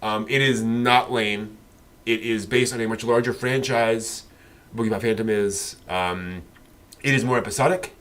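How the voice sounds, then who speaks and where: A man's voice: on the low side, steady tone, unhurried, a bit bright. A man co-hosting a casual anime discussion, rambling with many fillers and restarts. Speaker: podcast co-host.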